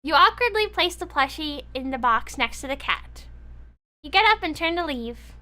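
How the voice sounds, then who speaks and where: A young woman streamer reading a visual novel aloud, playful and expressive, with squeaky gasps, giggles and asides to her viewers. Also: moderate pace. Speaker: streamer and voice actress.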